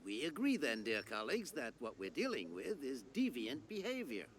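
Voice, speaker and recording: A man's voice: medium pitch, huge pitch swings, moderate pace, a little hiss or hum. A man voicing a pompous, rule-bound old university rector in a video game. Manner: pompous, formal.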